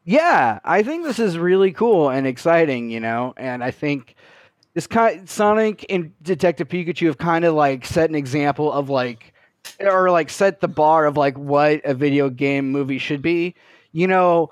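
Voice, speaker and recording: A man's voice: a little high, animated, moderate pace, no room sound. A man chatting casually on a movie podcast, hedging with lots of "like" and "you know". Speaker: podcast co-host.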